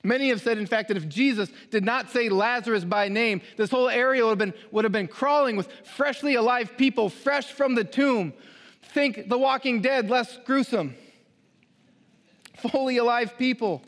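A man's voice: very high voice, normal speed, fairly bright tone. A man preaching a sermon as pastor, reading scripture aloud and driving home his points with emphasis. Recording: long hall reverb.

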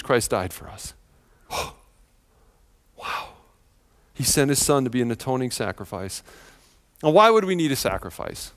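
Animated storytelling pastor, a man. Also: fairly high pitch. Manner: storytelling, animated, acts out quoted voices. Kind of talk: sermon.

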